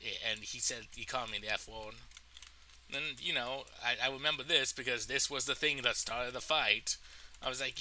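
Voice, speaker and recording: A man with a very bright, tense voice recounts a story from his own life in a loose storytime monologue. He talks in an animated, profane way and keeps laughing at himself, with a faint hum of ambience underneath. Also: medium pitch, normal speed, rough recording. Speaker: storytelling vlogger.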